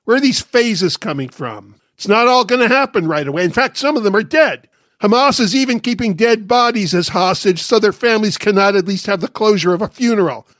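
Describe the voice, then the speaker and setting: A man's voice: sits high, expressive, fairly quick, a bit bright, no room sound, studio quality. A man hosting a scripted political commentary, speaking in a sarcastic and emphatic way. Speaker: radio and TV commentator.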